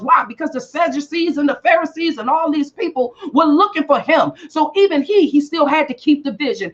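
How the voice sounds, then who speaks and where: A woman giving a motivational talk in a preaching style, repeating lines and rising to shouts for emphasis. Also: high-pitched, muffled recording. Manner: repetitive call-and-response preaching, shouting for emphasis. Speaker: motivational speaker.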